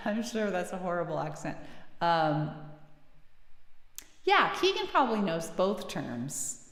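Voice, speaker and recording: A woman's voice: lowish voice, huge pitch swings, slow pace, pauses often, roomy sound, big-room sound. A woman hosting a music livestream, chatting casually with viewers and giggling between songs. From United States. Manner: chatty and giggly, reads viewer names aloud. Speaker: singer-songwriter livestream host. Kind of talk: casual chat with live chat readers between songs.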